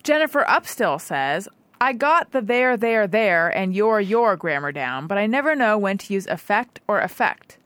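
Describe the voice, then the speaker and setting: A woman hosting a relaxed talk show, chatty and quick to laugh, her pitch rising and falling freely as she talks. The voice is dry and close to the mic, with no reverb. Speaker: podcast host. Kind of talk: casual chat.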